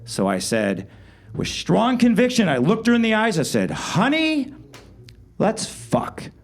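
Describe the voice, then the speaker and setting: Male storyteller, wry and animated, voice swings widely with bursts of loudness. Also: high voice, normal speed. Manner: wry, animated delivery with sudden loud outbursts. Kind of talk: live comedic storytelling. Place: live show venue.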